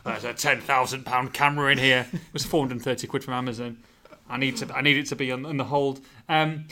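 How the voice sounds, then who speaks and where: A man's voice: mid-range voice, fairly bright tone. A man co-hosting a football podcast, teasing his partner in casual banter and reading out listener questions. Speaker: podcast co-host.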